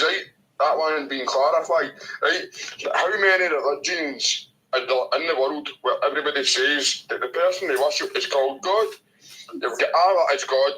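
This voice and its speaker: This is a man with a strong Scottish accent heard over a video chat. His voice sits a little high and cuts bright and sharp. He talks loud and crude, needling the other person and swearing at every turn. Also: low-quality recording. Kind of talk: provocative casual chat.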